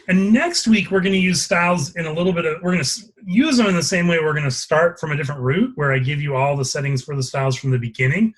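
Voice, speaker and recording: A man instructor leading a live class, explaining a software demo step by step and pausing to check for questions. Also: a little high.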